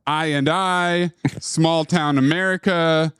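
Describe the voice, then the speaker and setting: A man's voice: a little high, fairly even intonation, slow, fairly bright tone, clean tone, no room sound. A man hosting a casual film podcast, reading trivia notes and chatting with friends. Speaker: podcast host.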